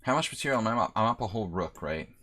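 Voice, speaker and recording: Male chess streamer, low register; mutters variations to himself in a casual, wry running commentary. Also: lively intonation, racing, a bit bright. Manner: muttering move calculations aloud. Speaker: chess streamer playing a simul.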